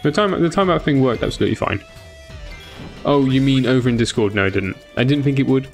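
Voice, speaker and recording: A man's voice: mid-range voice, fast, soft background music. A tired man chatting casually with viewers during a game stream, rambling with many fillers. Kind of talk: casual live-stream chat.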